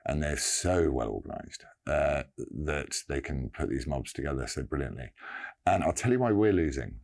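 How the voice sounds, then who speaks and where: A man giving an earnest personal statement, halting and pausing often. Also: very deep voice, very animated, vocal fry, a little mellow. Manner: halting, earnest, many pauses and restarts.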